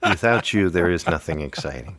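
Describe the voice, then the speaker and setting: Joking male co-host, low voice with lively pitch, dry close sound. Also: fairly quick. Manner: joking, teasing, playful. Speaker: podcast co-host. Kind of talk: casual chat.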